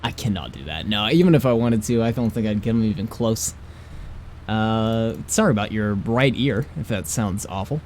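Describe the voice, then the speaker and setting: A man's voice: fairly low pitch, animated, normal speed, a little mellow, a little hiss or hum. A young adult man chatting casually as a streamer while he plays, rambling and laughing easily. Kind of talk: casual gameplay commentary.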